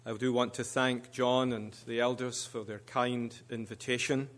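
A man preaching as a guest minister, speaking in measured, deliberate short phrases. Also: mid-range voice, flat delivery, fairly bright tone. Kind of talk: sermon.

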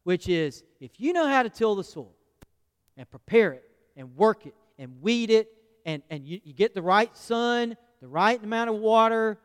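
Pastor, folksy sermon style with questions to the pews, smooth resonant voice. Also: male voice, high-pitched, lively intonation, normal speed. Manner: folksy, asks the congregation questions. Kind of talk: conversational sermon. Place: church sanctuary. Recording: long church hall reverb.

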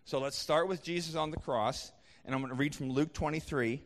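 A man's voice: a little high, fairly quick, in a large hall. A man preaching a sermon as a pastor, conversational, with frequent restarts and fillers.

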